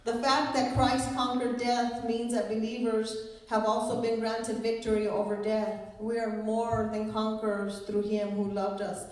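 A woman's voice: on the high side, level tone, unhurried, hardly any pauses. A woman pastor preaching a sermon in a church, quoting scripture in an earnest storytelling way. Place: church sanctuary. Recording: echoey hall, voice from a distance.

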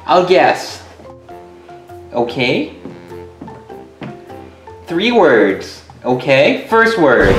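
A woman voicing a flustered male pony prince, stammering and excitable in a toy skit. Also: sits low, full character voice. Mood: puzzled. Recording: roomy echo, faint music.

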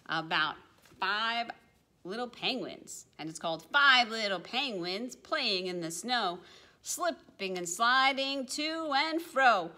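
Bright, lively woman reading storytime. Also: fairly high pitch, slow pace. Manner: expressive sing-song rhyming, dropping to hushed asides. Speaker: children's librarian. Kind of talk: children's storytime read-aloud.

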